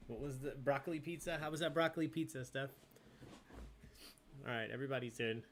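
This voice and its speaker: A man's voice: mid-range voice, brisk, a bit bright, slight background noise. A man hosting a live online trivia night, reading questions and answer counts and joking with the players. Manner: playful, chatty, jokes with players and reads answers aloud. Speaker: trivia host.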